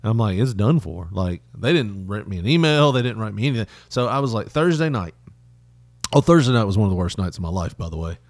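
A man's voice: fairly low pitch, animated, fast, no room sound. A man co-hosting a casual chat, telling a rambling story with cursing, frequent laughs and voices he mimics. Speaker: podcast co-host.

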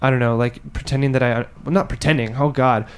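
A man tells a rambling story in a loose podcast chat, cursing often. His voice sits in an ordinary middle pitch. He jumps up higher whenever he acts out someone else's words. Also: steady tone, quick pace, background noise. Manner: swearing, acts out quotes in a raised voice.

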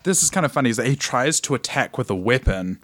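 A man's voice: medium pitch, animated, fast, fairly bright tone. A man co-hosting a casual chat, joking and laughing a lot while recapping scenes. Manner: laughs often, jokey, recaps with silly voices. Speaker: podcast co-host.

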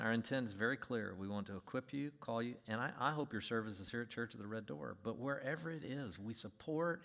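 A male pastor preaching a sermon, animated, acting out scenes with big swings in pitch and volume. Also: vocal fry.

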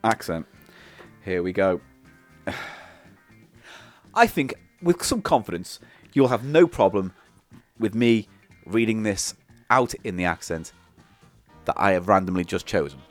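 A man's voice: fairly low pitch, expressive, slow pace, pauses often, faint music behind. A man co-hosting a comedy podcast, bossy and sarcastic as he needles his partner. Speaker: podcast co-host. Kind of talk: comic podcast banter.

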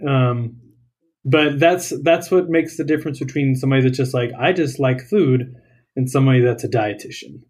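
A young man talks easily as a guest on an interview show, his voice sitting in an ordinary middle pitch. He tells his anecdotes in a loose, relaxed way and laughs along with them. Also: moderate pace. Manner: relaxed storyteller, laughs while telling anecdotes. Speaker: guest, dietitian. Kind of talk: casual interview chat.

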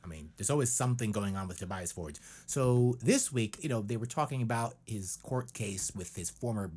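A man co-hosts a podcast in loose, rambling chat, cracking jokes and restarting his sentences. His pitch swings in a lively way, rising and falling as he riffs. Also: moderate pace, husky. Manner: rambling and jokey, with many restarts. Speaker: podcast co-host.

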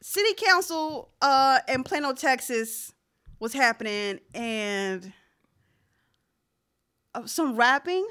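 A woman's voice: high-pitched, expressive, slow, long pauses, bright, forceful tone, clear, resonant tone. A woman hosting a casual chat, teasing and emphatic, often repeating herself. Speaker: podcast host.

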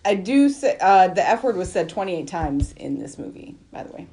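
A woman's voice: lowish voice, very animated, moderate pace, mellow. A woman hosting a casual podcast, reading out film reviews and laughing through her own lines. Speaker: podcast host.

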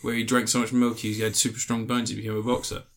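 A man's voice: fairly low pitch, level tone, fast. A man co-hosting a casual podcast about films, swearing freely and slipping into silly put-on voices. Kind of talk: casual film chat.

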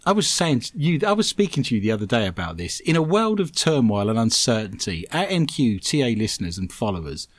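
A man hosts a comedic radio show, rattling off puns and listener letters. His pitch swings widely as he jokes. The sound is dry and close to the mic. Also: very animated, brisk, few pauses, no echo. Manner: jokey, reads listener messages with puns. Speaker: host.

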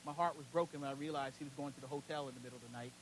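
A pastor preaching a sermon in a church, swinging between loud, urgent peaks and hushed, low passages. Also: male voice, fairly even intonation, racing, a little hiss or hum, low-quality recording. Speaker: senior pastor.

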